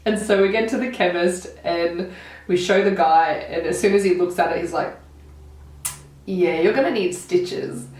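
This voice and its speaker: A woman's voice: fairly low pitch, moderate pace. A woman in her twenties with an Australian accent, chatting and telling stories while doing her makeup, with lots of "like". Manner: chatty, animated storytelling with frequent "like". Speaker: beauty vlogger. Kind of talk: chatty get-ready-with-me storytelling. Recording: roomy, distant mic.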